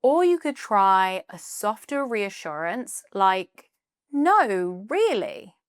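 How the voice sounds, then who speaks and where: A British woman presenting a scripted English lesson, explaining clearly and reading out example phrases. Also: medium pitch, very animated, takes it slowly, no echo, clean studio sound. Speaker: English teacher.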